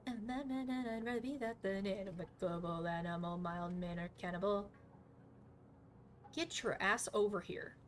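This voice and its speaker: A woman streaming a game live, chatty and excitable, swearing often and talking to her chat. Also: medium pitch, moderate pace, a little hiss or hum. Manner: excitable reactions, sudden outbursts. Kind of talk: live gaming commentary.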